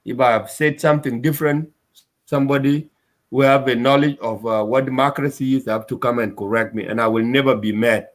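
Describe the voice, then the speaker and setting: A man's voice: medium pitch, fairly quick. A man from Sudan, giving an upset, emphatic address to his community and repeating his points. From South Sudan. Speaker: community speaker.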